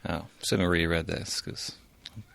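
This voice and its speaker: A man co-hosting a casual current-affairs podcast, talking in a quick, offhand way. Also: deep voice, level tone, gravelly, no room sound. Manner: quick, offhand, mocks others with loud put-on quotes. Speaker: podcast co-host.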